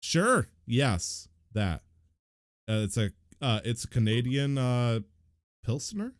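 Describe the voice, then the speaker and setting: A man's voice: medium pitch, big pitch swings, takes it slowly, dry recording, clean studio sound. A man hosting a casual podcast, joking and laughing as he chats with his co-hosts. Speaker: host.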